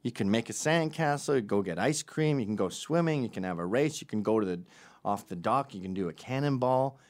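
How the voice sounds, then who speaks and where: A man's voice: lowish voice, expressive, brisk. A middle-aged man doing a profane, sardonic comedy monologue.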